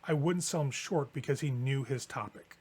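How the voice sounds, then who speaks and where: A man's voice: medium pitch, normal speed, a little mellow, breathy edge, natural voice. A man voicing a weary, offhand female vampire scholar in a tabletop game, shrugging things off.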